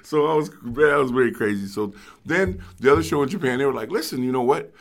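A middle-aged man telling a story as a guest in casual chat, excitable and halting, acting out voices and sounds. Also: mid-range voice.

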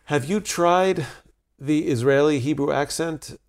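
A man's voice: on the high side, measured pace, a little mellow. A male interviewer asking questions in an easygoing, casual way, laughing often.

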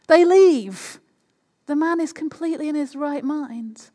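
Her voice high-pitched and mellow, a woman delivers a conversational sermon at a moderate pace, regularly putting questions to the listeners. The recording has a long hall reverb.

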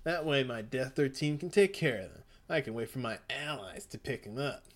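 A man voicing a calculating male baby villain, reading comic dialogue aloud quickly in a plain voice. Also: mid-range voice, fairly bright tone, close to an everyday voice. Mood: scheming.

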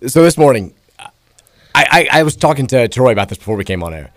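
Hoarse radio host with a cracking voice. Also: male voice, medium pitch, quick pace, no room sound. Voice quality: raspy. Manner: rambling, self-deprecating, animated storytelling. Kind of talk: casual sports radio chat. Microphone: studio mic.

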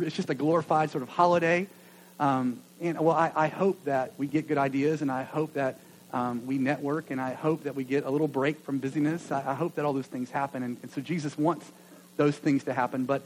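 A man preaching a sermon to a gathering of churches, earnest and full of stammered restarts, rising loud then dropping to a near hush. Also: on the high side, slight background noise, poor audio. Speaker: pastor.

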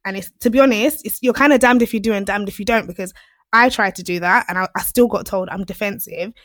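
Woman, quick, blunt, earnest, dry close sound. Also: mid-range voice, a bit bright, no echo. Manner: blunt, earnest, explains at length. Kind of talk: casual chat.

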